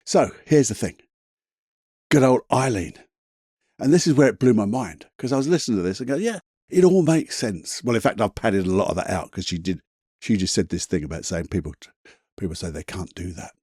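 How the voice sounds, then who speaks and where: A man's voice: on the low side, brisk, darkish tone, husky, dry recording, clean studio sound. A man hosting a solo motivational podcast, talking in a chatty, emphatic way, swearing casually and laughing at himself. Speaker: podcast host.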